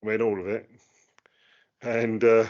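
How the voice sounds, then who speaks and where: A man co-hosting a casual chat, talking in a hesitant way with many pauses and fillers. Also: lowish voice, level tone, darkish tone. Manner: hesitant, lots of ums and uhs. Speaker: co-host. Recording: dull lo-fi sound.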